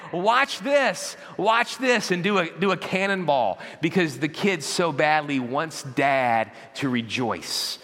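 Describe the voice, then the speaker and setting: A man preaching a sermon as pastor, telling animated stories and acting out parents and children. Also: fairly high pitch. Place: large church auditorium. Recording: long church hall reverb.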